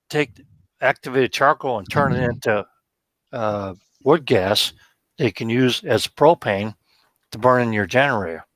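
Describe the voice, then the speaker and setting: A man's voice: medium pitch, a bit bright, no echo, low-quality recording. A man in a casual group chat, earnestly explaining how to do things. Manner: instructive, earnest.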